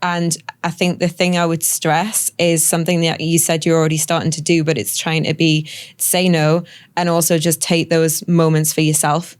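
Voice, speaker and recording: A woman calmly explaining health test results to a podcast guest in a reassuring way. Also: low voice, moderate pace, clear, resonant tone. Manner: calm, reassuring, explains at length. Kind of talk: explanatory conversation.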